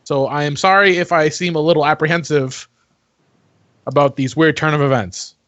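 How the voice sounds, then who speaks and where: A man voicing a paranoid, defensive heir in a tabletop game, halting and apologetic with many restarts. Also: fairly high pitch, fairly even intonation, fairly bright tone, no echo, lo-fi sound, natural voice.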